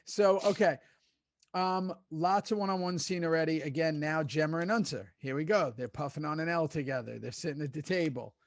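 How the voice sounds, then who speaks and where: Gravelly New York man chatting. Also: on the high side, brisk, dry recording, studio quality. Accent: New York (Staten Island). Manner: chatty, laughs easily, quotes people in animated bits. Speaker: podcast co-host. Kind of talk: casual podcast chat.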